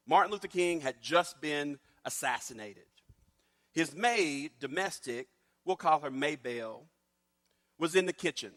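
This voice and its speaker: A man telling a story in a talk, animated and acting out the voices of the people he quotes, with long reverb around him. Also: on the high side. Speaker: speaker.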